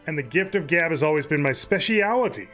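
Smooth, scheming trade boss woman, read flat by a male streamer, high-pitched. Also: a little fast, faint music behind. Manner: read aloud from game text. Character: smooth-talking female merchant director.

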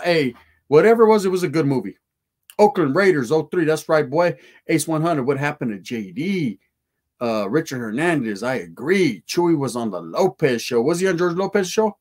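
A man's voice: on the high side, lively intonation, moderate pace. Laid-back man hosting a livestream chat. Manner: street slang with Spanish words, profane, laid-back. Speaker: livestream host. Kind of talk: casual livestream chat reading comments.

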